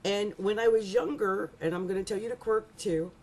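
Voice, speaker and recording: A middle-aged woman giving a rambling, animated astrology reading, laughing often and restarting her sentences. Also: medium pitch, normal speed, slight background noise. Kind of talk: casual monthly astrology reading.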